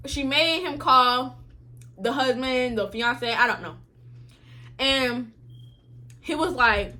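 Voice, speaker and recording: A young woman with a high, bright voice tells a storytime in casual slang. Her pitch swings widely as she acts out what others said. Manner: animated, slangy, acts out quotes. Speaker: vlogger.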